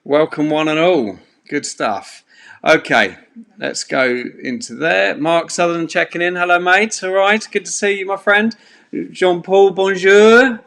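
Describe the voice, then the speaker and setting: A man's voice: a little high, a little slow, gravelly, fairly bright tone. Chatty man hosting a quiz. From England. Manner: chatty, rambling, loose with fillers. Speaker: quiz host. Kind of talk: live-streamed pub quiz hosting. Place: home bedroom.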